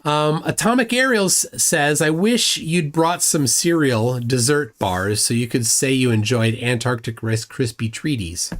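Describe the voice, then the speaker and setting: A man's voice: mid-range voice, a little slow. A man hosting a live reaction stream, reading chat comments aloud and mocking the clip with sarcastic asides. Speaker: livestream host reacting to a video.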